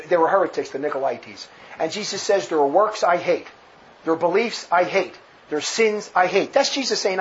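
This man's voice sits high with a fairly bright tone as he gives emphatic, sarcastic commentary on a speech, laughing at his own jabs. He is a religious commentator, heard on a dull lo-fi recording with faint noise.

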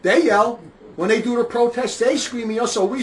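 High-voiced, emphatic preacher man. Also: normal speed, slight background noise, poor audio. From northern New Jersey. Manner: emphatic, rambling, repeats himself, rises to loud outbursts. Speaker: street preacher. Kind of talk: casual spoken monologue.

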